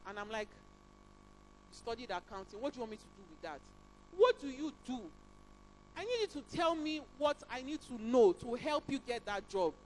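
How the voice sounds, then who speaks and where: A woman, an HR specialist, giving a lively career talk at a job fair and acting out little dialogues with sudden jumps in her voice. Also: slight background noise, rough recording. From Nigeria. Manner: animated, acts out dialogues with emphatic pitch jumps. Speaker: HR specialist speaker.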